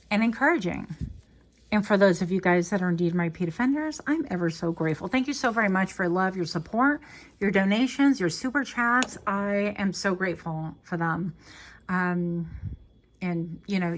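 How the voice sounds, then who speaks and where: Chatty woman giving a tarot reading. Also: medium pitch. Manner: chatty, animated, playful asides. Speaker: tarot reader. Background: small dog noises.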